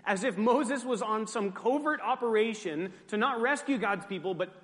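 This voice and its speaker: A man's voice: sits high, normal speed, fairly bright tone, in a large hall. A man preaching a sermon as pastor, conversational with joking asides.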